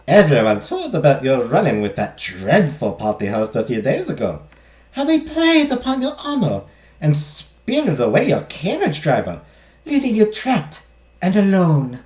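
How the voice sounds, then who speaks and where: Gushy chatty servant w/ a wobbly fake french accent that sounds german, streamer doing the voice, high and swooping, echoey room. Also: moderate pace. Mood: gushing. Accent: mock French, sounding German. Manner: gushing, speeds up with excitement. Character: eager chatty household servant. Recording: roomy echo.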